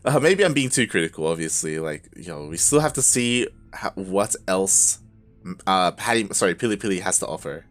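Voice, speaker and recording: Excitable male game caster. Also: sits low, moderate pace, faint music behind. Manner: excitable, swings from calm play-by-play to loud shouting; laughs often and uses casual slang. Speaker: esports caster. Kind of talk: live game commentary.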